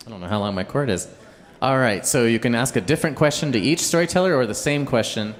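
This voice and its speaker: A man's voice: medium pitch, fast talker, in a large hall. A man hosting a live storytelling event, casually explaining instructions to the audience. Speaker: host.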